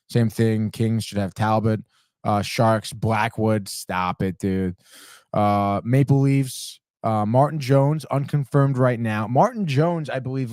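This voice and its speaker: A man's voice: mid-range voice, a little mellow, dry recording, clean studio sound. A man hosting a live sports podcast alone, trash-talking teams, swearing and calling everyone "dude" as he reads chat comments. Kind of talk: live sports betting talk.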